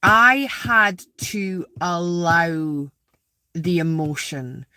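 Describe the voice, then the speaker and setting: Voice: mid-range voice, extremely slow, pushed and bright, clear, resonant tone, no room sound, clean studio sound. A spiritual vlogger sitting outdoors in a graveyard, rambling casually to viewers, repeating words and asking them questions.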